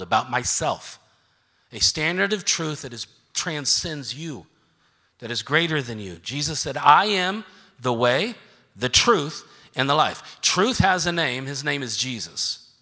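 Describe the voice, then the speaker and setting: Middle-aged male pastor, emphatic sermon delivery that swings from quiet to shouted, bright voice, long church reverb. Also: mid-range voice. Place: church sanctuary. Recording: reverberant sanctuary.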